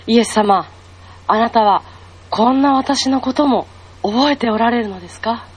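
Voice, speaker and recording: Brief: actress voicing a young woman mourning her teacher; high, breathy, half-whispered, questioning. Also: low-quality recording. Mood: awed. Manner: hushed, questioning, tearful monologue. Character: grieving young woman, unmarried disciple. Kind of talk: devotional dramatic monologue.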